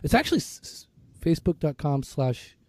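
A man's voice: on the high side, very animated, brisk, darkish tone, no echo. A man with a sore throat co-hosting a casual podcast, rambling, restarting his sentences and joking at his own expense. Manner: rambling, stumbling, self-mocking. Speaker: podcast co-host. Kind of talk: casual chat.

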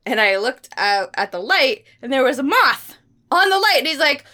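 A woman co-host chatting on a podcast with a high, bright voice that swoops up and down constantly. She tells stories animatedly, laughs a lot and leans on "like" and "you know" between thoughts. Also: normal speed. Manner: animated storyteller who laughs often and acts out bits; frequent fillers like "like" and "you know". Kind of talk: casual chat.

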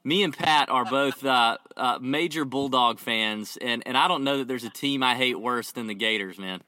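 A man's voice: medium pitch, moderate pace, sharp tone, dry recording. A man hosting a podcast in a friendly, joking manner, with plenty of casual fillers. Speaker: podcast host.

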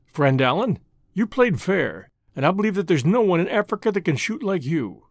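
A stern older Boer umpire, put on by a male narrator in an audiobook. He declares his rulings loudly and forcefully, and his voice rises and falls widely in a high register. The recording is dry and close. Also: very animated, normal speed, no echo, full character voice. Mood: earnest.

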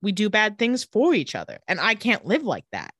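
A woman's voice: mid-range voice, wildly swooping pitch, moderate pace, fairly bright tone, dry recording, studio quality, heavily acted. A woman reading out an earnest, torn young woman who pleads her case, for a podcast recap.

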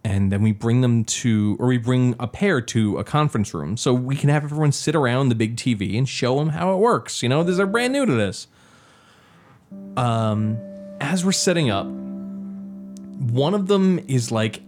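A man's voice: mid-range voice, expressive, a little slow, soft background music. A tired man co-hosting a casual podcast chat, swearing freely as he tells a story. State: tired, yawning. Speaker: podcast co-host.

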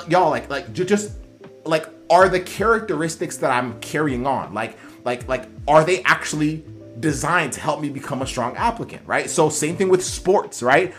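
A man's voice: a little high, fairly bright tone. A man coaching students applying to physical therapy school, talking earnestly with many fillers and restarts. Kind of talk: motivational coaching talk.

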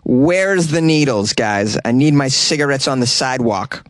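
A man's voice: mid-range voice, lively intonation, moderate pace, dry recording, studio quality, natural voice. A man playing an indignant male smoker protesting the loss of his sidewalk cafe table. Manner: indignant, pleading.

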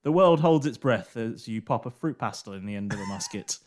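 A man's voice: on the low side, fairly quick. Man narrating as game master. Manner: relaxed narration with many fillers.

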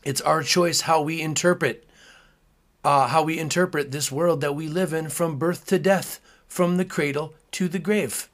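A man's voice: fairly high pitch, fairly even intonation, a little slow, fairly bright tone. A man hosting his own podcast, talking in a casual, earnest, musing way with frequent fillers. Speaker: podcast host. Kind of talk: casual solo podcast talk.

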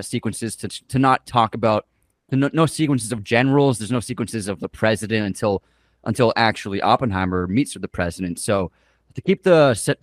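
A man with a fairly low voice hosts a podcast, chatting loosely and enthusiastically about his favorite films in a casual movie-review style full of filler words. The recording is dry and studio quality.

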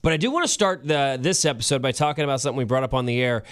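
Animated, joking male radio host. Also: medium pitch, very fast, clear, resonant tone. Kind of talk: casual radio chat.

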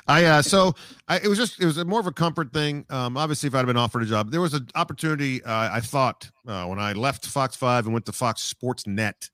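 A man's voice: medium pitch, brisk, fairly bright tone, no echo, clean studio sound. A middle-aged man, a sportscaster, telling stories in a casual interview, rambling and reflective with many restarts. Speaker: sportscaster guest.

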